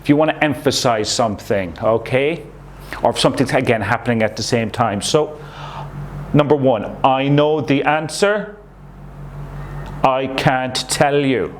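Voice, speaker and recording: A man's voice: mid-range voice, unhurried, slight background noise. A man teaching a recorded English lesson to young pupils, explaining patiently and checking in with "okay?" as he goes. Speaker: primary school English teacher.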